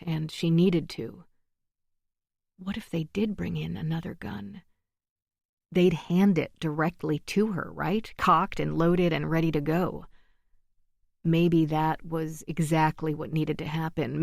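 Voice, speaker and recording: Low, gravelly woman narrating a thriller. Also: steady tone, no echo, studio quality. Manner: measured, tense. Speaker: audiobook narrator. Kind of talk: dramatic audiobook narration.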